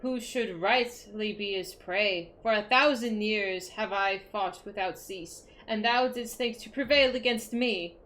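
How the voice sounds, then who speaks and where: A woman reading aloud as a vengeful ancient male dragon who speaks in archaic words, slow and solemn. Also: medium pitch, a bit bright, lightly acted, rough recording. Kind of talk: reading cutscene lines aloud on stream.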